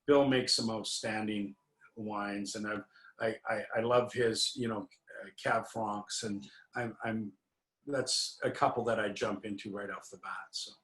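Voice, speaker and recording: A man's voice: lowish voice, steady tone, unhurried, a bit bright. Man telling a rambling story, roomy echo. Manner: rambling, with many fillers and restarts. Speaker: winery owner, interview guest. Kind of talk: anecdotal storytelling in a conversation.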